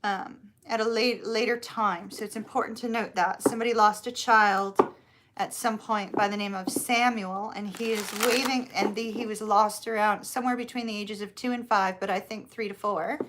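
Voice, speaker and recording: A middle-aged woman with a Southern US accent, chatting warmly through a live tarot reading and drawing out her words. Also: mid-range voice, steady tone, noisy background. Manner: chatty, bubbly, drawn-out words. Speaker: tarot reader.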